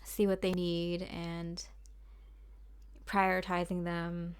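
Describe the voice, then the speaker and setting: Young woman doing a tarot reading, slightly low voice, rambly and chatty, lots of ums and little laughs. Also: completely flat delivery, slow, smooth. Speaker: tarot card reader. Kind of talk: casual spoken tarot reading.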